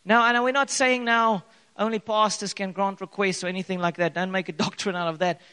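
A man preaching a sermon in an animated way, his voice echoing in a church hall. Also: high-pitched, a little fast, smooth. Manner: animated preaching with bursts of loud acted quotes. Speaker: pastor. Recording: long hall reverb.

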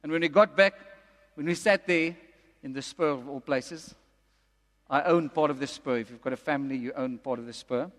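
Male preacher, high tenor, emphatic sermon delivery, church-hall reverb. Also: fairly bright tone. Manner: emphatic, repeats lines slowly for effect. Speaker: pastor. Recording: long reverb of a large hall.

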